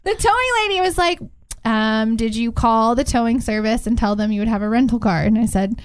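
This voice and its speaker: Animated high-voiced woman telling a story. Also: a little fast, clear, resonant tone, dry recording. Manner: animated storyteller, laughs often. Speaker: co-host. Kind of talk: casual chat.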